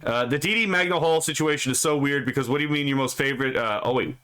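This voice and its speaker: A man's voice: mid-range voice, fast, sharp tone, clear, resonant tone. A man streaming casually, reading posts aloud and mocking them with profane, sarcastic asides, often tacking on "right?". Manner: frequent filler "right?". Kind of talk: casual live stream commentary.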